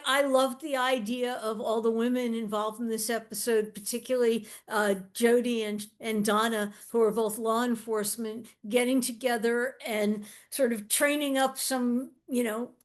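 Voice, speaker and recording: Woman panelist, fairly high voice, eager and gushing in casual chat. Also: steady tone, moderate pace. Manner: enthusiastic, warm-hearted praise.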